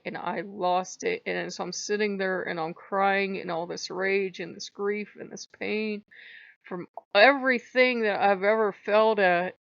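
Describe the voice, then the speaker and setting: A woman's voice: on the low side, gravelly, no room sound. Raw teary woman vlogging, swears, laughs it off, muffled dry home mic. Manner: candid and emotional, swears freely, laughs through it. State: after crying. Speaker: channel host. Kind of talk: casual personal vlog.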